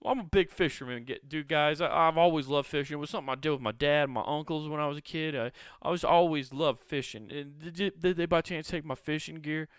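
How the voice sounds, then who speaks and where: A man's voice: a little high, fast, hardly any pauses, smooth, dry recording, clean studio sound, voice pushed up, natural voice. A man voicing a jailed male drug dealer who is obsessed with his fishing gear, with a strained, pleading voice.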